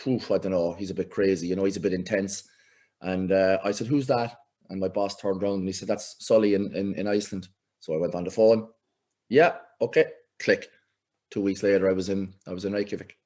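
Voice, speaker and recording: A middle-aged Irish man, a football coach, telling lively anecdotes in a casual interview and acting out the voices he quotes. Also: low voice, quick pace. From Ireland. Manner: animated anecdotes, acts out quoted voices, laughs often. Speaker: football coach, podcast guest.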